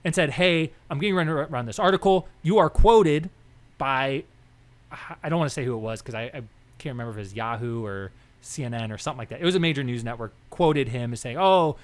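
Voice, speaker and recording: A young man co-hosting a podcast, telling stories in a rambling, animated way and acting out the people he quotes. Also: medium pitch, fast. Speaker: podcast co-host. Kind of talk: casual political chat.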